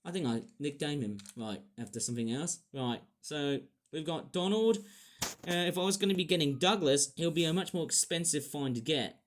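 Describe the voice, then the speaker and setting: A young man with a slightly high voice talks his way through a toy review. He rambles, apologises for himself and trails off into ums and you-knows before finding his thread again. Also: lively intonation, moderate pace, a little hiss or hum. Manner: rambling, self-deprecating, full of fillers. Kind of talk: casual toy review vlog.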